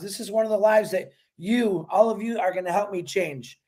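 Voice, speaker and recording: A man's voice: high-pitched, brisk, a little mellow. A man hosting a livestream, talking in an earnest, rambling way and thanking viewers by name; he is emotional. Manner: earnest, religious. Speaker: livestream host.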